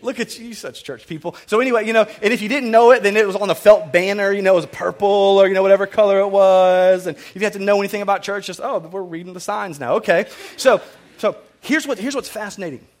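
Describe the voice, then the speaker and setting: A man's voice: sits high, fairly even intonation, quick pace. A man preaching a sermon to his congregation in a conversational way, with asides, jokes and frequent restarts. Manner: conversational, self-correcting and repetitive, with asides and humor. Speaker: pastor.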